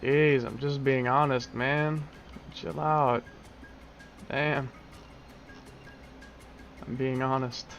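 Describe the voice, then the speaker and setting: A man's voice: mid-range voice, fairly even intonation, extremely slow, creaky, long pauses, fairly bright tone, soft background music. A young man streaming a game, chatting casually, swearing and joking back at his chat. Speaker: gaming streamer. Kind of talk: casual profane gameplay commentary.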